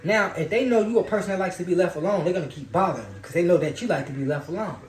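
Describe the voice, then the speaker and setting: A man's voice: high-pitched, rapid-fire. A man giving a loose, profane, preachy spiritual monologue in casual talk. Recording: roomy echo.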